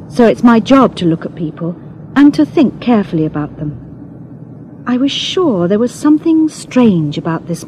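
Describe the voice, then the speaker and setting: Slow, mellow woman reading a story. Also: mid-range voice, a little hiss or hum. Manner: slow, clear, deliberate reading for learners. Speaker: audiobook narrator. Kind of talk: scripted story narration.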